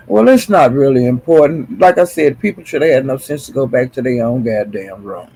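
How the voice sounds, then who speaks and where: Male livestream host, raspy and gravelly, dramatic and exasperated gossip tone. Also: mid-range voice, fairly quick, few pauses, warm tone, rough recording. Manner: exasperated, dramatic, sighs and exclamations.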